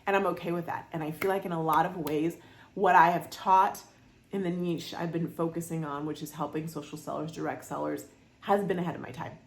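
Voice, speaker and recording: A woman hosting a casual solo podcast, chatty and animated, with exasperated asides. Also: low-pitched, brisk, reverberant. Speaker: podcast host.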